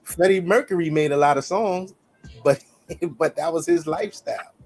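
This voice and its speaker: A man's voice: fairly high pitch, normal speed, a little mellow, faint music behind. A man co-hosting a podcast, arguing his side in a heated casual debate and repeating his points with emphasis. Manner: emphatic, repeats "you see what I'm saying". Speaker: podcast co-host.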